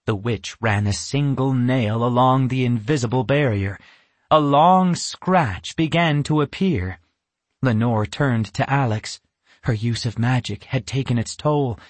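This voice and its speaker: A man giving scripted audiobook narration in a slow, measured manner. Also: medium pitch, no echo.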